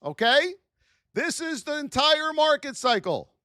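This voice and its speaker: Woman trading teacher, high pitch, unhurried but animated and scolding, dry close sound. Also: dry recording. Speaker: trading educator. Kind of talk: live-streamed trading lesson.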